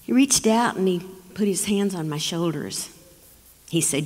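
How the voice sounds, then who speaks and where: A woman's voice: on the low side, animated, measured pace, darkish tone. Woman storyteller in a reverberant hall. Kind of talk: live storytelling performance. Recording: long reverb of a performance hall.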